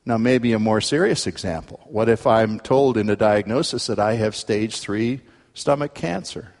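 A male pastor preaching a sermon, earnest, his voice climbing sharply in pitch and force when he presses a point. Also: normal speed, darkish tone, long reverb tail.

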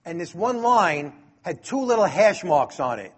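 Husky high-voiced New man. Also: unhurried. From Brooklyn, New York. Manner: lively, acts out dialogue, chuckles. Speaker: storyteller. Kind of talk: personal storytelling.

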